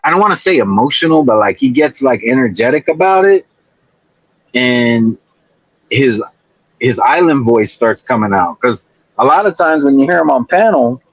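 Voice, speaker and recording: A man's voice: mid-range voice, animated, moderate pace, breathy edge, dry recording, poor audio. A man chatting casually as a guest on a livestream panel, in a laid-back, rambling way. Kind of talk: casual chat.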